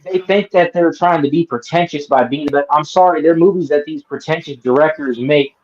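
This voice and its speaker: A man's voice: a little high, a little fast, a little mellow. A man hosting a casual live-stream chat, ranting with lots of swearing and mocking people by putting on silly voices. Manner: profane, ranting, mocks people in put-on voices. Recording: dull lo-fi sound.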